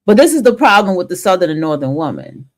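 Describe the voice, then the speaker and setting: A woman's voice: on the low side, sing-song, fast talker. A woman from the northern United States hosting a talk stream and giving a blunt, profane opinion monologue, often restarting her sentences.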